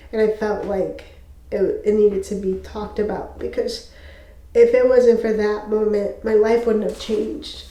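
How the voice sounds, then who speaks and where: A woman's voice: medium pitch, dark tone. Earnest woman sharing a testimony, echoey room. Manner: emotional, halting, earnest. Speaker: faith video host. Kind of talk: personal testimony to camera.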